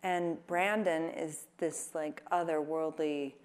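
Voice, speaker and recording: A woman's voice: low-pitched, steady tone, takes it slowly. A woman answering audience questions onstage at a live event, playful and joking between thoughtful answers. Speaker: interview guest, singer-songwriter. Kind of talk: onstage interview Q&A.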